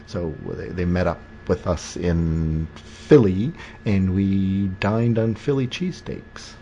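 A man's voice: deep voice, slow pace, warm tone, a little hiss or hum. A man hosting a podcast in casual chat, rambling and joking with many restarts. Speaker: podcast host. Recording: dull lo-fi recording.

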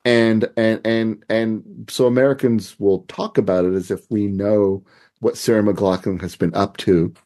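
Canadian podcast host guy, lowish mellow voice, lots of ums and restarts. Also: fairly even intonation. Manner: halting, with many fillers and restarts, laughs often. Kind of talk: casual interview chat.

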